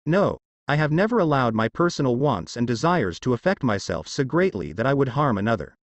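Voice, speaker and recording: A man's voice: mid-range voice, sing-song, brisk, dry recording, lo-fi sound. A man reading the lines of a stern young male demigod guardian who speaks curtly and commands. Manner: curt, commanding.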